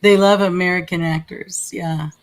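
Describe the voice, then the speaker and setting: A woman's voice: fairly low pitch, steady tone, moderate pace, a crowd in the background. A woman co-hosting a casual chat, chiming in with agreement and jokes. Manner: supportive, jokey interjections. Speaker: co-host.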